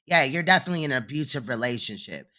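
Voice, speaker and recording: A man's voice: mid-range voice, lively intonation, very fast, sharp tone. A man hosting a reaction commentary, talking bluntly and profanely and mocking the clip he plays. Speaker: commentary host.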